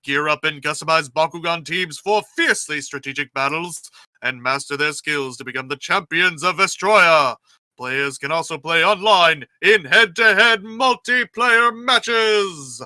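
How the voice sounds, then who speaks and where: A man voicing a booming male movie-trailer announcer, loud and emphatic. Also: unhurried, dry recording.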